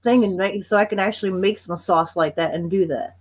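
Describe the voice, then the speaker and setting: A woman's voice: mid-range voice, fairly quick. A woman in casual group voice chat, talking in an easygoing way and chiming in with agreement. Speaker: panel participant.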